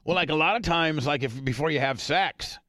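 A man's voice: a little high, brisk, sharp tone, no room sound, clean studio sound. A middle-aged man on a podcast, telling a crude story in a rambling way, full of restarts. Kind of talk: casual chat.

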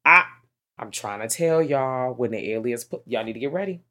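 A woman co-hosting a podcast, chatting casually about a horror film, animated and swearing freely as she acts out her reactions. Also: extremely low pitch, normal speed. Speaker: podcast co-host. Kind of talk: casual chat reviewing a film.

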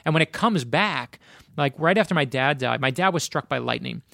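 A man with a gravelly, fry-laden voice tells personal stories in a close, dry sound. He is from Florida and talks as an author guest in a casual conversation, speeding up as the stories build. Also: medium pitch, normal speed, dry recording. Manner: animated anecdotes, speeds up in bursts.

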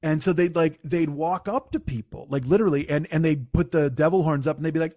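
A fairly high-voiced man spins rambling, profane anecdotes in casual podcast chat, jumping into shouted impressions of other people. The sound is dry and close, with no room around it. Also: a little fast, hardly any pauses, no echo. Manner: profane, animated storyteller who mimics people. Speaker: podcast co-host.

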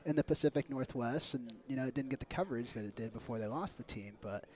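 A male podcast host with a middle-pitched voice. He asks his guest questions in a casual, eager tone. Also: fast, darkish tone. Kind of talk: interview questions.

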